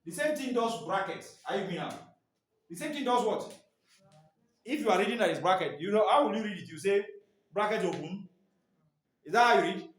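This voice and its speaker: A man's voice: high-pitched, animated, fast. A man teaching staff in a training session, leaving his sentences open for the class to finish. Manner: quizzing listeners with fill-in questions. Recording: echoey room.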